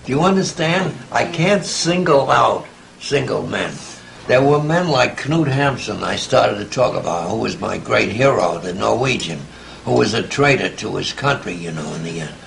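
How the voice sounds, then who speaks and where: Speaking at a moderate pace, this man in his 80s, a writer being interviewed, has an expressive mid-range voice, a bit bright, with vocal fry. He tells reflective stories with chuckling asides in a conversational exchange, though the recording is poor and carries slight background noise.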